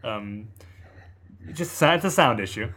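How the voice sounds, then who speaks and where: A young man hosting a podcast from a recording studio, chatting casually in a relaxed, teasing way. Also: medium pitch, a little slow. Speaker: podcast host. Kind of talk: casual chat.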